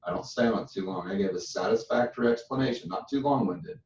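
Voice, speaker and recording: Coaching brief: low-voiced Southern man, relaxed sales coach, roomy and a bit distant. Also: fast. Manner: relaxed, chatty, demonstrates phone lines in a put-on voice. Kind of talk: phone script coaching session. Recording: dull roomy sound from a distance.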